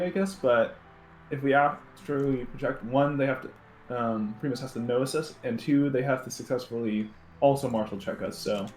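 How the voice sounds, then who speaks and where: A man's voice: mid-range voice, a little mellow. A hesitant man weighs a choice in a tabletop game and hedges his words. His mic picks up a roomy echo and a faint hiss. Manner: hesitant, unsure, many fillers. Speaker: player. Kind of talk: casual tabletop game chat.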